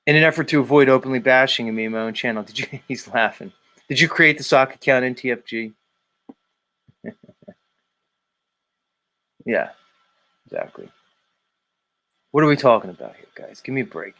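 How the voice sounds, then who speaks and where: Reading chat on his daily stream, this host rambles in a relaxed way and pokes fun at commenters by name. His voice sits at a medium pitch with a touch of brightness.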